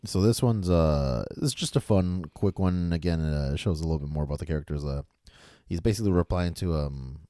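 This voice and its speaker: A man co-hosting a podcast, talking casually about comics in an easygoing, halting way with many fillers. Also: deep voice, warm tone, no room sound, studio quality. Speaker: podcast co-host.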